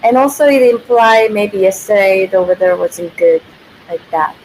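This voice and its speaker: A woman's voice: medium pitch, moderate pace, darkish tone, slight background noise, rough recording. A woman, a native Korean speaker, giving a casual livestream language lesson who thinks aloud, corrects herself and laughs often.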